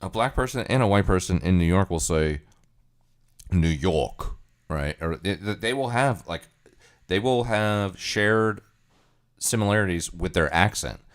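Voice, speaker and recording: Deep-voiced man musing on a livestream. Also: lively intonation, normal speed. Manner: musing, rambling, thinking aloud. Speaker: livestream host. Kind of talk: casual livestream chat.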